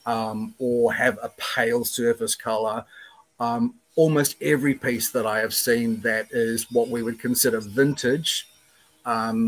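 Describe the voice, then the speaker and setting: Kiwi male host, casual and thoughtful, lots of ums, call-style mic. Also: mid-range voice. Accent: New Zealand. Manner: relaxed, thoughtful, many ums. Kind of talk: casual panel discussion.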